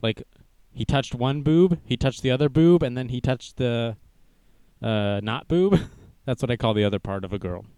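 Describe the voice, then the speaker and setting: A man's voice: mid-range voice, normal speed, mellow, clear, resonant tone, no room sound. A young man hosting a casual livestream news show, joking and self-deprecating as he goes. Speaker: news stream host.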